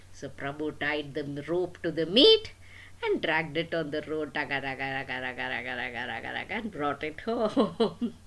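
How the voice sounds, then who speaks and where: Grandma telling a silly kids' story, real slow, voice all over the place, asks questions and does fun noises. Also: female voice, low-pitched. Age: older. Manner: playful, asks the listener questions, sound effects. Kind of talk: storytelling to children.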